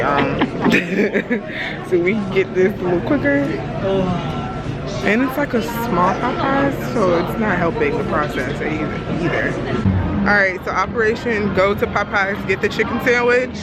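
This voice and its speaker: A woman's voice: medium pitch, expressive, a little slow, loud music behind the voice, over a noisy crowd. A young woman vlogging casually, chatty and often laughing as she tells a story. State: out of breath at times. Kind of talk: casual vlog chat. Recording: loud street noise behind.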